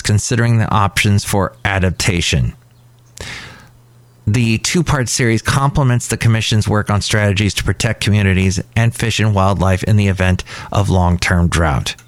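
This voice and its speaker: Sarcastic ranting podcast host, lowish voice. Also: male voice, normal speed, no echo. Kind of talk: casual solo podcast talk. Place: outside a cafe.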